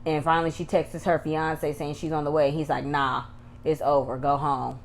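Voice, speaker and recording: A woman with a low voice gives a casual, slangy recap of a TV episode. She is chatty and animated, slipping into the characters' lines as she tells the story and laughing at her own jokes. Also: normal speed, creaky. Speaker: YouTube TV reviewer.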